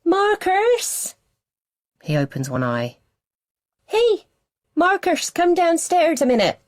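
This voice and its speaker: A woman voicing a mother who calls out loudly to her son upstairs in an audiobook. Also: rumbling low, steady tone, brisk, dry recording, studio quality. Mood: calling. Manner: calling out loudly. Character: loud working-class mum calling upstairs.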